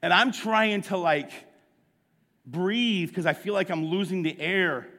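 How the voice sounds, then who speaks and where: Middle-aged preacher guy telling a story, kinda high voice, acts out all the lines, big echoey hall. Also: slow. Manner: animated storyteller, acts out the dialogue. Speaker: pastor. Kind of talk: sermon storytelling. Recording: long hall reverb.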